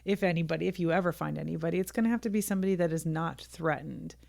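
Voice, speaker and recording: Supportive woman cohost, lowish gravelly voice, backs up what her guest says. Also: darkish tone. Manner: supportive, quick to agree. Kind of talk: casual podcast chat.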